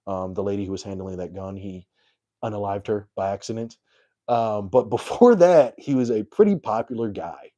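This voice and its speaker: A man's voice: lowish voice, moderate pace, warm tone, lo-fi sound. A young adult man, a comedian, telling a story on his live stream in a rambling, self-deprecating way full of fillers.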